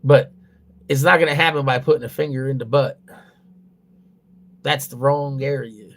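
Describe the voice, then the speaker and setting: A young man talks casually on a livestream at a middle pitch. He is crude and blunt, swears in nearly every sentence, and rambles with restarts. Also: fairly even intonation, normal speed, fairly bright tone. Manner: loose, rambling delivery with restarts.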